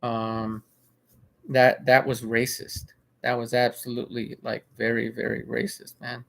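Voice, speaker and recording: A man's voice: medium pitch, completely flat delivery, measured pace, vocal fry. A man casually recounting a video he watched, rambling, restarting his sentences and repeating himself. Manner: rambling with frequent restarts and filler. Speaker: vlogger. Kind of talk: casual spoken commentary.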